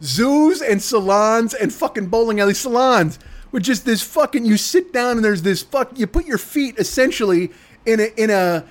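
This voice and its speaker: This man's voice is very high with lively intonation at a normal speed. As a podcast host he rants through a comedic monologue, swearing a lot and putting on mocking voices.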